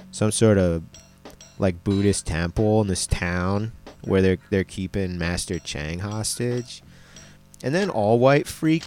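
A man with a lowish voice talks through a film in a loose, slangy recap, swearing freely and filling gaps with "uh" and "like." His delivery stays relaxed and unpolished. Faint music plays behind him. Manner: laid-back, profane, slangy, many fillers.

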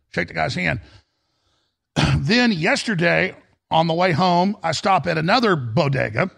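A man's voice: a little high, lively intonation, moderate pace, fairly bright tone. A middle-aged man hosting a talk radio show, telling rambling stories in an emphatic manner. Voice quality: gravelly, raspy.

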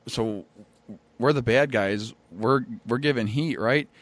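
Big dude telling ring stories, swears a lot, mid-pitched, dry close studio sound. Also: male voice, takes it slowly, dry recording. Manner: laid-back, profane, acts out quotes loudly. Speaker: former pro wrestler, guest. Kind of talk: casual podcast chat, storytelling. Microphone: studio mic.

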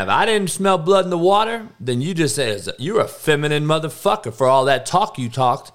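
A man's voice: on the high side, fairly bright tone. A man hosting his own podcast, ranting in a blunt, heated way with lots of swearing, rambling and restarting his sentences. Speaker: podcast host. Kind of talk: solo podcast rant.

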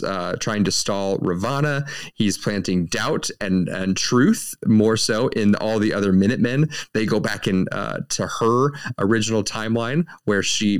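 A podcast co-host with a fairly low, clean-toned voice recaps a show in a casual, rambling way. He uses lots of fillers and keeps restarting his sentences.

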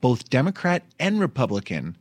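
A man's voice: medium pitch, wildly swooping pitch, moderate pace, no echo. A man, hosting a comedic news podcast in a chatty, wry way and laughing as he talks. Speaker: podcast host. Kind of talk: casual comedic news chat.

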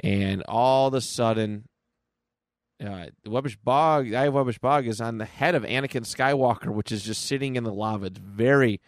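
A man's voice: mid-range voice, moderate pace, no echo. A man co-hosting a podcast, recapping a comic book in a casual, rambling way on a close mic. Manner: casual, with frequent fillers and restarts. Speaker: podcast co-host.

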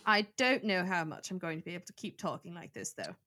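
A woman's voice: fairly low pitch, very animated, quick pace, bright, forceful tone. A young woman in her twenties co-hosting a podcast, chatty and self-mocking, laughing often. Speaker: podcast co-host. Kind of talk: casual chat.

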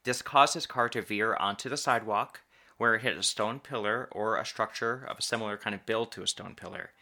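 Low, bright-voiced man telling a story. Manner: halting, restarts and stretched emphasis on key words. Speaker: podcast host telling a true story. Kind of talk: casual storytelling chat.

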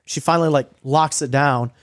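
A young man telling a story in casual chat, swearing a lot and filling his talk with "like" and "um," sometimes acting out quoted lines in a higher voice. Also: fairly even intonation, normal speed, no room sound, clean studio sound. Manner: profane, rambling storytelling with many fillers; acts out quoted lines with a raised voice. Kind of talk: casual recap of a streamed game.

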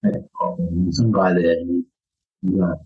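A man's voice: sits low, little pitch movement, slow pace, husky, highs cut off. A man with a light New Zealand accent telling rambling stories on a podcast, full of fillers and restarts. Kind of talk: casual storytelling.

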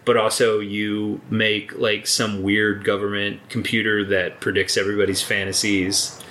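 A man's voice: lowish voice, little pitch movement, moderate pace, sharp tone, a little hiss or hum. A man co-hosting a podcast in casual chat, laid-back and enthusiastic, swearing freely. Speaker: podcast co-host. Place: indoor recording room.

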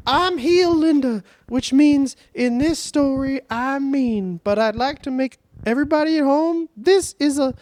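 A man voicing an older woman in a staged wrestling feud, talking slowly in a high, drawn-out voice. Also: darkish tone, no room sound. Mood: whiny. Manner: slow, drawn-out, high-pitched.

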